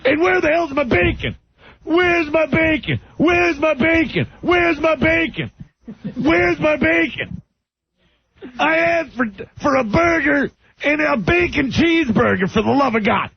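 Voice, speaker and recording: A man impersonating a loud, cranky TV pitchman who barks complaints at a diner waitress. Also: exaggerated voice. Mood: ranting. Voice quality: gravelly, shouting. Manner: barking complaints, rapid rant. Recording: dull lo-fi radio recording.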